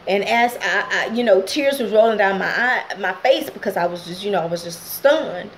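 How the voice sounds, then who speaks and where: A woman's voice: mid-range voice, animated, normal speed, slight background noise, poor audio. A middle-aged woman, speaking straight to her viewers as she recounts a painful family story. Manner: emotional, direct address to viewers. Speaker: channel host. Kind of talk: personal testimony vlog.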